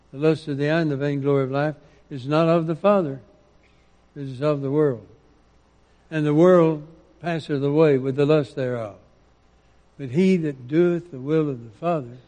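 A man preaching a sermon, quoting scripture with rising emphasis and dropping into quiet asides. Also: a little high, long reverb tail.

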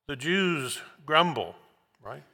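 A man preaching a sermon verse by verse, slow and emphatic, repeating key words for weight. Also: on the high side, expressive, sharp tone. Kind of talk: expository sermon. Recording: long hall reverb.

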